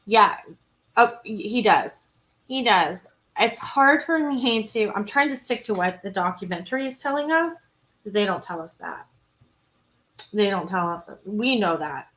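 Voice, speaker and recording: A woman's voice: mid-range voice, fairly bright tone, rough recording. A woman hosting a casual true crime livestream, recapping scenes and reading viewer comments aloud in a chatty way, with frequent ums and restarts. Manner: chatty, retells scenes, greets and answers viewers.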